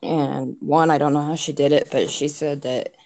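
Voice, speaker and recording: A woman joining a livestream over a call, chatting casually in a soft-spoken, agreeable way. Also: low-pitched, steady tone, moderate pace. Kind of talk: casual chat.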